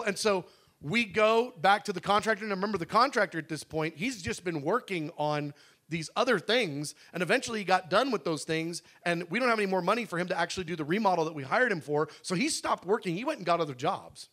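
Middle-aged pastor guy, high bright voice, animated storytelling sermon. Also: quick pace. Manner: animated, acts out dialogue, frequent restarts. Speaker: pastor telling a testimony.

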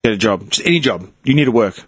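A man's voice: fairly low pitch, quick pace, breathy edge, no room sound. An Australian man in his thirties, co-hosting a podcast, blunt and swearing as he chats. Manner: animated, blunt, swears often. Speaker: podcast co-host. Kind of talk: casual chat.

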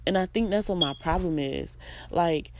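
A woman's voice: on the low side, moderate pace, slight background noise. A woman giving a blunt, profane, emphatic personal monologue, hammering her points home with repeated phrases. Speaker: vlogger.

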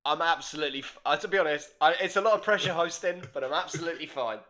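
A man's voice: fairly high pitch, rapid-fire, bright, forceful tone. A man hosting quiz games on a casual comedy podcast, playful and laughing often. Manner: playful, laughs a lot, quiz-show announcing.

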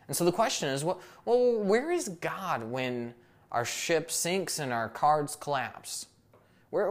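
A man, a pastor, preaching a sermon with earnest storytelling that drops to hushed tones for drama. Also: mid-range voice.

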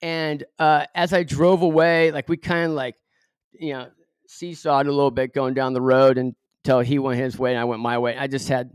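A man's voice: medium pitch, level tone, normal speed, clean tone, no echo, studio quality. A middle-aged man from Southern California, a podcast guest telling a story with many fillers and acted-out quotes. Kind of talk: storytelling in an interview.

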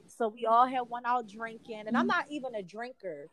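A woman from the Philadelphia area speaks as an interview guest, her voice sitting a bit higher than most. She tells her story casually and candidly, with small laughs between sentences. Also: normal speed, fairly bright tone, low-quality recording.

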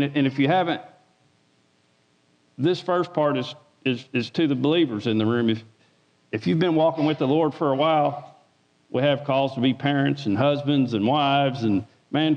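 Folksy man preaching in a hall. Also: mid-range voice. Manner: folksy, repeats words, asks the room "Amen?". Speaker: lay preacher. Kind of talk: informal sermon. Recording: dull sound with long hall reverb.

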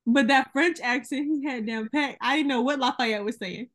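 A woman's voice: high voice, normal speed, fairly bright tone. A young woman hosting a podcast, talking in an emphatic, wry casual chat. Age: young adult. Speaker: podcast host.

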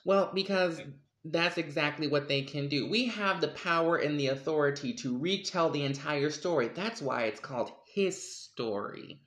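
A man co-hosts a casual podcast, talking with emphatic energy, slang and quick laughs. His voice is bright and forceful, and the echoey room rings around it. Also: on the high side. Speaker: podcast co-host. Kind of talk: casual conversational chat.

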